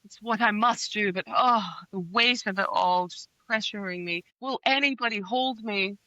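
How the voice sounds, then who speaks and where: Woman parodying a sighing fae lord, melodramatic, self-pitying, bright tone. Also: mid-range voice, normal speed, no echo, natural voice, poor audio. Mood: mock-tragic. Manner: sighing, melodramatic mock lament.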